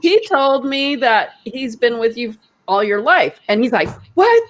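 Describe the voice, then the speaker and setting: A woman, a retreat leader, telling a story in casual chat with animated, laughing delivery. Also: unhurried. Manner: animated, laughing, quoting others in high voices. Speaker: energy healer and retreat leader.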